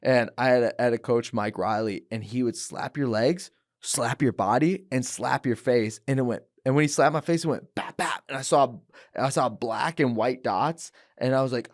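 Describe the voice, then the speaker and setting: A young man on a podcast who tells his story in a casual, animated way and acts out the voices of the people in it. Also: mid-range voice, normal speed. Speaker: guest, fighter. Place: podcast studio.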